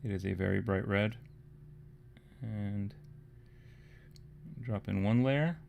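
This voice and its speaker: A man's voice: fairly low pitch, takes it slowly, gravelly, darkish tone, a little hiss or hum. A man casually talking through a live miniature painting tutorial, thinking aloud and sometimes dropping to a murmur.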